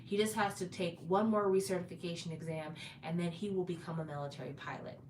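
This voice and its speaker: A woman's voice: on the low side, steady tone, fast. A woman retelling a drama's plot in a chatty, casual way, with fillers and restarts. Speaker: drama recap host. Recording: roomy echo, distant from mic, faint background noise.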